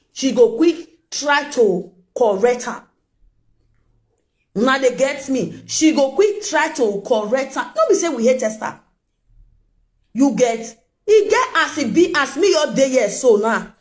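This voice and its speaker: A woman's voice: high voice, lively intonation, unhurried. A woman with a Nigerian accent giving casual gossip commentary, emphatic and full of rhetorical questions to her viewers. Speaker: gossip vlogger.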